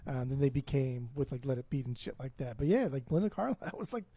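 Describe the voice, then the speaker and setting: Fast and animated, this podcast co-host has a mid-range voice that's husky with a dark tone, recorded with no room sound. He rambles through a casual chat about music, cursing freely and often starting his sentences over.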